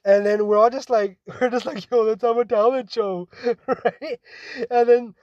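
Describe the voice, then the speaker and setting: A man's voice: very high-pitched, steady tone, unhurried, a little mellow, no room sound, muffled recording. A young man from Toronto, co-hosting a podcast and telling a long story in casual chat, swearing often and tagging lines with "right?". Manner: rambling storyteller, heavy swearing, frequent "like" and "right?". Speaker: podcast co-host.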